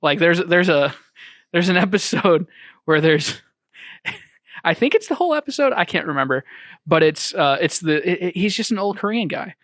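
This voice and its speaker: A man's voice: high voice, big pitch swings, moderate pace, a bit bright, no room sound, clean studio sound. A young man hosting a podcast in casual chat, rambling with many restarts and chuckles. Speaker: podcast host.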